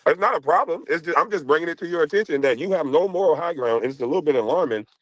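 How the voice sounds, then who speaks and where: A man on an online panel calmly and persistently lecturing the hosts in a heated debate. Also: on the high side, racing, dry recording, rough recording. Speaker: panel guest.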